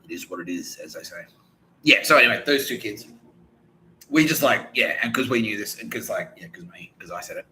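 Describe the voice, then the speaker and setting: A man's voice: fairly low pitch, animated, brisk, pushed and bright, slight background noise, rough recording. A man hosting a podcast, rambling and laughing often, swearing and acting out quoted voices. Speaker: podcast host. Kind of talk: rambling monologue.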